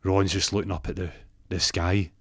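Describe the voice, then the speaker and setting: A man's voice: sits low, little pitch movement, moderate pace, a bit bright, husky, no echo. A man telling a comic story, jumping into raised voices for each character.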